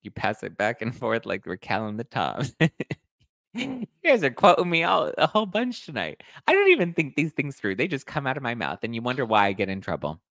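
A man hosting a reality TV gossip podcast in a sassy, animated, self-deprecating way. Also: medium pitch, fairly quick, gravelly, dry recording. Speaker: podcast host. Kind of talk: casual reality TV gossip recap.

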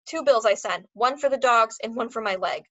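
A man's voice: extremely high pitch, fairly quick, pushed and bright, dry recording. A woman doing a ranting German dog trainer. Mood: scheming. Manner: broken English, furious ranting. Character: loud, hot-tempered dog trainer man.

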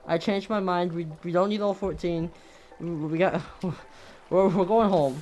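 A gameplay commentator talking over their own play, jumpy and quick to swear, yelping at every scare. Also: medium pitch, fairly even intonation, a little mellow, slight background noise.

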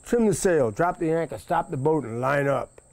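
A man's voice: a little high, lively intonation, moderate pace, creaky, no room sound. A man voicing a commanding boat captain in a folktale, barking orders. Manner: loud, barked orders.

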